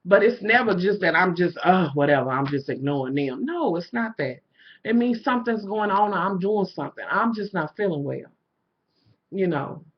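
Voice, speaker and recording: A woman's voice: lowish voice, lively intonation, moderate pace, husky. Middle-aged woman, casual vlog rant, blunt and profane, dull lo-fi audio. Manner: candid, profane, full of "you know". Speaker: vlogger.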